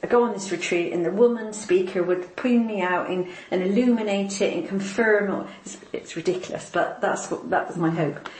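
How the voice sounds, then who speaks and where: A woman being interviewed, recounting a personal faith story in a halting, emotional way, often repeating her words. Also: mid-range voice, a little mellow, slight background noise. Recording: roomy echo.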